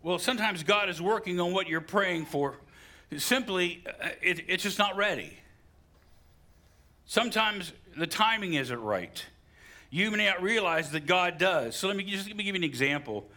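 A middle-aged man preaches a sermon in an animated way, his voice sitting high at normal speed. He rises suddenly for emphasis and makes asides to the congregation.

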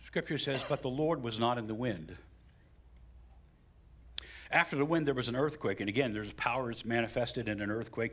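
Male pastor, sermon and prayer in a church hall; husky timbre, swings from loud preaching to whispers. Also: medium pitch.

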